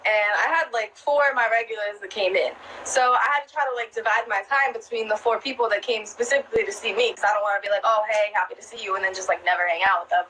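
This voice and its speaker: A young woman, a club dancer, rattles off casual stories at medium pitch, talking fast with few pauses in a pushed, bright voice. There's slight background noise and the recording is rough. She swears freely, laughs often, and fills her speech with "like."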